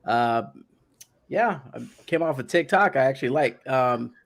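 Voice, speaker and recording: A man hosting a casual podcast, talking hesitantly with many pauses and fillers. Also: mid-range voice, animated, vocal fry. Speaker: podcast host.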